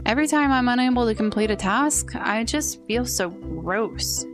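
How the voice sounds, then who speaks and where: A woman's voice: fairly high pitch, animated, moderate pace, music in the background, close to an everyday voice. A woman voicing a blunt, weary young woman who runs a tea shop in a video game, with dry delivery.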